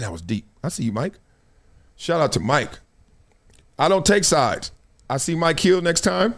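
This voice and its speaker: Animated high-voiced man telling stories. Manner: animated storytelling, acts out quoted voices. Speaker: show host. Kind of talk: casual commentary to camera.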